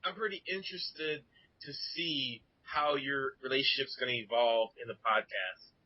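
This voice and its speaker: A man's voice: medium pitch, normal speed, slightly rough. A man chatting on a podcast as a guest, hesitant and repeating words as he starts sentences. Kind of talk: casual chat. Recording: dull lo-fi podcast audio.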